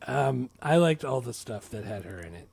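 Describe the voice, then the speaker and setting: A man's voice: medium pitch, big pitch swings, moderate pace, gravelly, darkish tone, slightly rough. A man co-hosting a movie podcast, chatting casually and enthusiastically about a film. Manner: enthusiastic, laughs often. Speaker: podcast co-host. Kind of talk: casual movie review chat.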